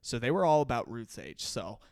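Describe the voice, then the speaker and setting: A man co-hosting a comedy podcast, telling family stories in a casual, animated way and acting out what people said. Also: mid-range voice, a little fast, dry recording, clean studio sound. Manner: animated storyteller who acts out quotes.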